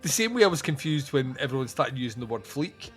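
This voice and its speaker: A man's voice: mid-range voice, very animated, fast, a bit bright. A man co-hosting a casual podcast, rambling through jokey, teasing asides. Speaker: podcast co-host.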